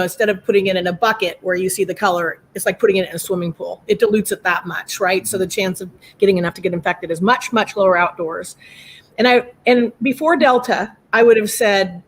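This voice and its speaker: A woman scientist on a video call, explaining in plain everyday comparisons. She often breaks off and starts her thought again. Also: medium pitch. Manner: explains with everyday comparisons, many fillers and restarts. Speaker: scientist guest.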